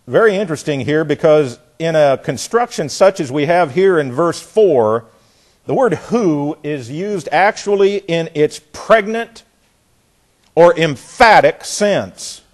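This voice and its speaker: A man's voice: on the high side, a little mellow. Male Bible teacher, repeating and stressing. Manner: repeats words while searching, slows hard to stress key phrases. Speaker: preacher.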